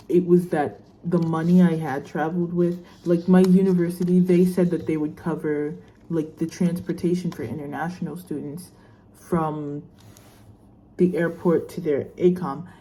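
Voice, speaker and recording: A woman's voice: sits low, warm tone, a little hiss or hum. A young woman vlogging casually as a student, chatty and rambling with lots of fillers while she unboxes a laptop. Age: young adult. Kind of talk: casual unboxing vlog chat.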